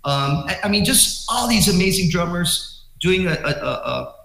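A man, a drummer guest, telling a story in a casual interview in an animated, excitable way with many restarts. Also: high-pitched, moderate pace, gravelly. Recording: roomy echo.

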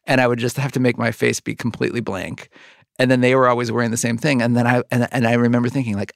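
Man, podcast host, rambling conversational talk, mid-pitched, dry close sound. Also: flat delivery, quick pace, creaky, dry recording. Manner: rambling, many likes and restarts. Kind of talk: conversational interview.

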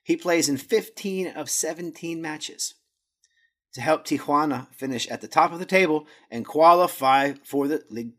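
A man's voice: fairly high pitch, normal speed, fairly bright tone. A man hosting a podcast, walking through a footballer's career in casual talk, stumbling over Spanish words and poking fun at himself. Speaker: podcast host. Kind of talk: casual stats rundown.

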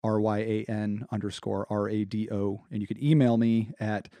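A man's voice: on the low side, flat delivery, moderate pace, warm tone, dry recording. A man talking as a guest on a podcast, earnest and rambling with many restarts. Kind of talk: casual podcast chat.

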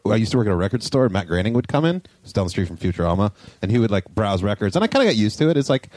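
A man guesting on a casual podcast, telling a story quickly. His pitch swings widely and animatedly, and the sound is dry and close. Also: very animated, a little mellow, no echo. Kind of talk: casual chat.

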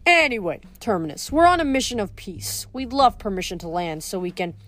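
A woman's voice: mid-range voice, sing-song, fairly quick, natural voice. A woman voicing an earnest teenage boy hero who tries to keep the peace.

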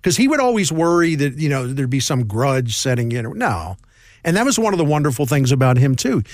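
A middle-aged male sports columnist telling stories as a guest in a casual interview, animated and quick in bursts. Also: mid-range voice, dry recording, clean studio sound.

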